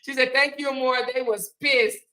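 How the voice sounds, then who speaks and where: A woman's voice: high-pitched, steady tone, moderate pace, bright, forceful tone, poor audio. A woman hosting a casual livestream, chatting and thanking viewers as she reads their comments. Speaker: livestream host.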